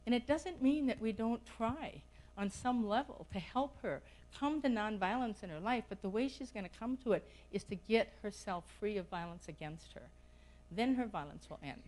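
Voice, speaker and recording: A woman's voice: mid-range voice, a little mellow, low-quality recording. A middle-aged woman giving an impassioned plenary talk at a conference, asking urgent questions of her audience. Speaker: conference speaker. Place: conference hall.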